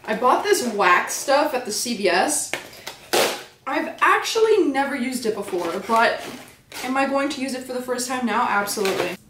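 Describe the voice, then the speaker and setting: Young woman, comedic makeup host, fairly high voice, sarcastic self-deprecating delivery, roomy echo. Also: lively intonation, moderate pace, noisy background. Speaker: comedy influencer hosting a makeup tutorial. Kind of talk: casual makeup tutorial with jokes. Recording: echoey room.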